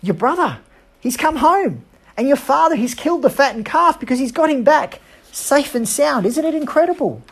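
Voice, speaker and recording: A woman acting out an excited servant bursting with good news. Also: sits high, moderate pace, voice pushed up. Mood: thrilled. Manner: breathless excited announcing. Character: excited household servant, eager man.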